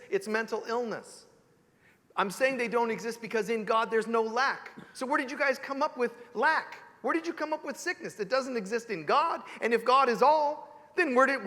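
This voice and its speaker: A man giving an animated sermon as a spiritual teacher, joking and asking rhetorical questions. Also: very high-pitched, big-room sound. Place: church sanctuary.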